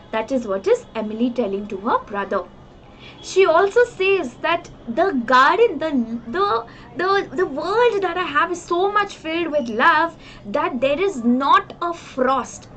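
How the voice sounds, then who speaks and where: Young woman, Indian English accent, high voice, earnest teacher, repeats each idea. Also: a bit bright, a little hiss or hum, rough recording. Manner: earnest, repetitive paraphrasing. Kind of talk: poetry lesson explanation.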